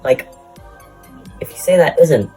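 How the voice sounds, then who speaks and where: A man's voice: fairly high pitch, expressive, measured pace, warm tone, faint music behind, poor audio. Buiten adem pratende man, grof en rommelig. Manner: rambling, crude, jokingly insulting asides. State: out of breath. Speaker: YouTuber ranking Pokémon. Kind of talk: casual commentary.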